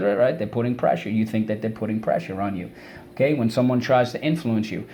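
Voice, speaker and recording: A male teacher giving an online vocabulary lesson to kids, energetic and repeating words and syllables for students to say back. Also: mid-range voice, fairly quick, slight background noise.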